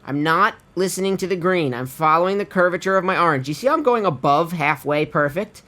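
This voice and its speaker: A music producer with a slightly high, expressive voice, bright and forceful, talks briskly through a vocal tuning lesson recorded from his screen. He's laid-back and talkative, calls the viewers his friends, and swears in passing.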